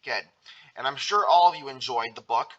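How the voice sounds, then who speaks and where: A man's voice: medium pitch, moderate pace, sharp tone, dull audio. A man in his twenties, a video host reading a storybook aloud and chatting fondly afterward, often repeating himself. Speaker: storybook reader. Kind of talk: read-aloud narration.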